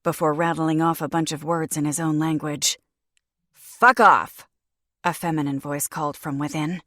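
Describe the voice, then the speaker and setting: A woman narrating a fantasy audiobook in the first person, in a measured, even reading. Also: low voice, no room sound, clean studio sound. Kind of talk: scripted narration.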